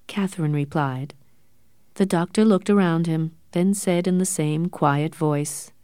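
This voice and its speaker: Low-voiced woman narrating a novel. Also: measured pace, warm tone, smooth, no room sound, clean studio sound. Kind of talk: scripted audiobook narration.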